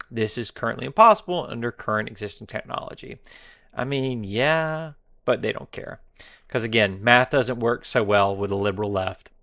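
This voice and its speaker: A man's voice: medium pitch, a bit bright, no room sound, clean studio sound. A man hosting a political commentary monologue, sarcastic and mocking, taunting his viewers and now and then dropping to a whisper for effect. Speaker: commentary show host.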